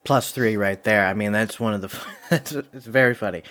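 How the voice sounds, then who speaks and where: A man's voice: fairly low pitch, fairly bright tone. A man hosting a movie review game, talking casually and rambling with many fillers. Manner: rambling, lots of fillers and quick asides. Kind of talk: casual chat.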